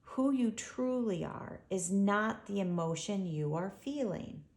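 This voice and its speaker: A woman voicing a calm, empathetic female animal who speaks softly and gently in a storybook. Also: medium pitch. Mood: soothing. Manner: soft, slow, soothing. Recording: echoey room.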